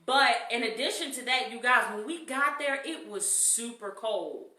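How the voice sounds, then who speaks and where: Bright animated woman, echoey and distant. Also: on the high side, moderate pace. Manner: animated storyteller, addresses listeners as y'all. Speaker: podcast co-host, mother. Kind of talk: casual family chat. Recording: echoey room, distant mic.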